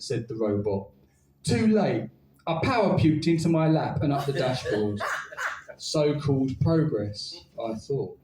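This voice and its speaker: Male spoken word poet, wry comic storyteller, lively swooping delivery, recorded at a distance in a roomy venue. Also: on the high side, a little slow. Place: live spoken word night with an audience.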